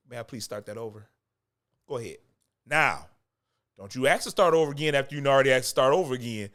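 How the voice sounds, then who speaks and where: With a fairly bright mid-range voice, a man delivers acting coaching in a relaxed, close-miked talk. He keeps it conversational, repeating points for emphasis and chuckling between lines.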